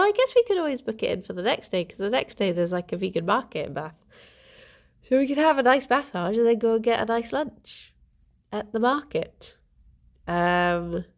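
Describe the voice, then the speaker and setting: A young woman chatting casually to her livestream audience, giggling often and breaking off to talk to her pet rabbits at home. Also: mid-range voice. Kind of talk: casual chat to a live audience.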